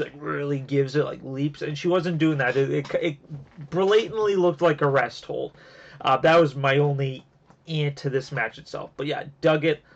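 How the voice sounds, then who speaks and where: A man's voice: fairly high pitch, creaky. Man reviewing wrestling on a lo-fi mic. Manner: rambling with many fillers and restarts; gets emotional and teary. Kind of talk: casual review podcast. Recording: dull lo-fi home recording.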